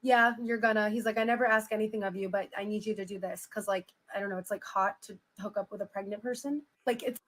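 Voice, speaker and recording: A woman's voice: mid-range voice, fairly even intonation, fast talker, hardly any pauses, a bit bright, poor audio. A woman giving casual reaction commentary, chatty and full of "like" fillers as she retells a story. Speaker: commentator reading a memoir aloud.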